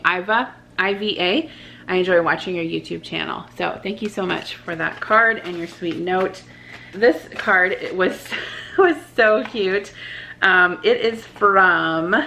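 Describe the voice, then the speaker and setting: A woman's voice: on the low side, creaky, sharp tone, slight background noise. A woman in her thirties, a vlogger reading out viewer cards in a chatty, giggly way that rambles and restarts.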